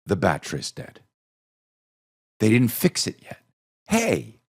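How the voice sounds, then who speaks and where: A middle-aged man spins a comedic story on his podcast, his pitch swinging widely as he acts out the people he met. He swears freely and slips into quick little impressions, then drops back to a low grumble. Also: wildly swooping pitch, vocal fry, a little mellow, husky. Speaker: podcast host.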